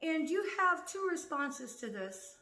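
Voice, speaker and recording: Woman, casual monologue, laughs often, swears, whispers at times, very bright voice. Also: sits high, big pitch swings, a little slow, reverberant.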